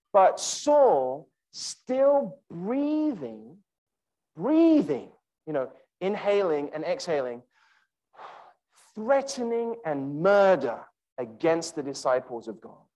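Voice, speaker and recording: Man, sermon to university students, emphatic, animated, wide pitch swings, slow repeated key lines. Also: low-quality recording. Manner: addresses listeners directly by name. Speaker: conference speaker.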